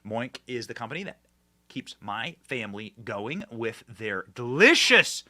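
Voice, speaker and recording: Fired-up, bright-voiced male commentary host. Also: mid-range voice, very animated, a little slow. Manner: emphatic, swings from shouting to hushed.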